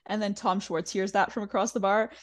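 A woman's voice: mid-range voice, a little fast. A woman co-hosting a podcast, chatting casually and swearing as she recaps a reality show and acts out the cast's lines. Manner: animated, swearing, acting out quotes. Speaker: podcast co-host.

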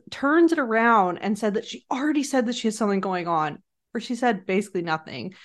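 A woman co-hosting a podcast, recapping a reality show in casual chat and getting heated as she talks. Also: fairly high pitch. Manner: animated, heated recapping with quoted impressions. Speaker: podcast co-host.

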